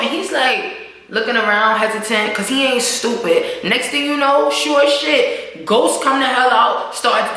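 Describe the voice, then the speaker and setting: A woman recapping a TV episode in a casual, slangy way, swearing freely and acting out what the characters say. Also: a little high. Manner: animated, slangy, swears, acts out characters' lines. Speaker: show recap vlogger. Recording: echoey room.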